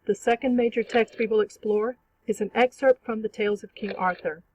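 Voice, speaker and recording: A teacher giving a clear, measured, scripted narration for an online literature lesson. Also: mid-range voice, steady tone, darkish tone, low-quality recording. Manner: clear, measured explanatory reading.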